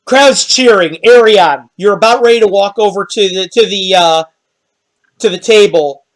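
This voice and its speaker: A man running a tabletop game as game master, narrating scenes in a halting, descriptive way. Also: high voice. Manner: descriptive, halting, with restarts and quick laughs.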